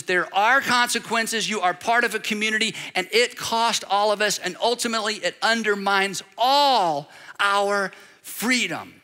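A pastor preaching an animated sermon, driving points home through repetition and acted-out quotes. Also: male voice, sits high, unhurried. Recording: long reverb of a large hall.

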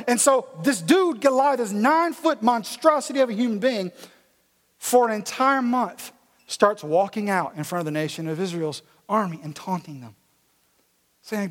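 A man preaching a sermon in a church, retelling a story with animated, casual, slangy delivery, in an echoey hall. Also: high-pitched, normal speed. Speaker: pastor.

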